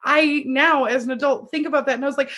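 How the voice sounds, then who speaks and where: Woman w/ a high voice, chill chat, thoughtful and earnest. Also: fairly even intonation, fast talker, a bit bright. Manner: reflective, earnest, retells movie scenes. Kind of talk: casual chat.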